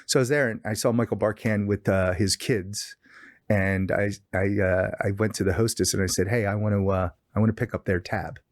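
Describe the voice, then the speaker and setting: A man's voice: on the low side, a little fast, no echo, clean studio sound. A middle-aged man as a podcast guest, telling a story in casual chat and acting out quoted lines in a raised voice. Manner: animated storyteller, acts out quoted dialogue with raised voice.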